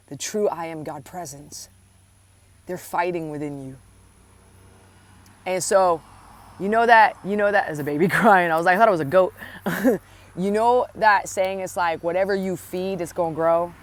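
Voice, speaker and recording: Woman, spiritual coach, lowish voice, earnest and affectionate, repeats lines for weight. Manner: earnest, affectionate, addresses listener directly; repeats phrases for emphasis. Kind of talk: inspirational spiritual talk.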